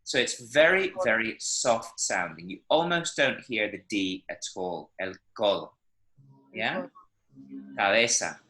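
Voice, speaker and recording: A man's voice: on the low side, sing-song, a little slow, hardly any pauses, pushed and bright. A man teaching a Spanish class online, encouraging his students and demonstrating pronunciation aloud. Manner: encouraging, explains with spoken examples. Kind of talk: online language lesson. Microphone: video call. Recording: echoey room.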